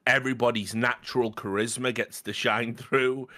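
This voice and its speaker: Man, podcast co-host, bright forceful voice, enthusiastic film chat. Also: mid-range voice, fairly even intonation, normal speed. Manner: enthusiastic, swearing, laughing asides. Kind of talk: casual film discussion.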